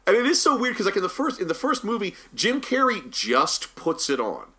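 A man's voice: sits high, wildly swooping pitch, a little fast, sharp tone. A man in casual conversation on a podcast, recapping a movie's plot in a rambling way and laughing as he goes. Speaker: podcast co-host. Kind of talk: casual film review chat.

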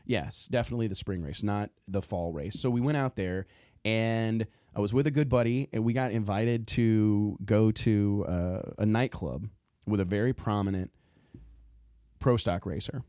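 A man hosting a podcast, telling a story in a casual, animated way, acting out what people said and laughing often. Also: on the low side, normal speed, no echo, clean studio sound. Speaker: podcast host.

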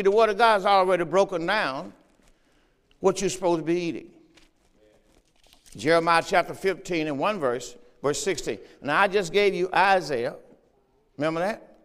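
Preaching pastor in a reverberant hall. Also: male voice, high-pitched, normal speed, long pauses, fairly bright tone. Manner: preaching with call-and-response asides; reads scripture aloud in a raised voice. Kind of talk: sermon. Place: church.

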